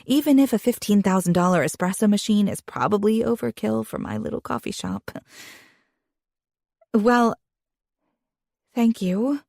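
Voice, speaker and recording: A young woman reading a first-person romance audiobook in an expressive, intimate way, with a husky voice. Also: medium pitch, no room sound, clean studio sound. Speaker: audiobook narrator.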